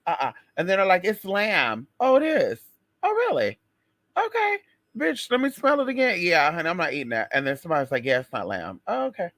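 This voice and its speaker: A man chatting casually to his viewers in a sassy, expressive way. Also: a little high, no room sound. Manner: sassy, expressive, exclaims and drawls. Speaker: vlogger.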